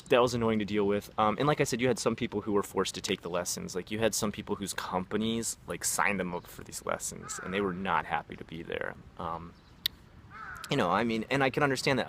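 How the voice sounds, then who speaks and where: A man's voice: lowish voice, fairly quick, fairly bright tone, a little hiss or hum. A man telling stories about teaching English in a casual, rambling vlog, with many fillers and acted-out quotes. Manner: rambling, filler-heavy, acts out quoted voices. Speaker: vlogger, former English teacher.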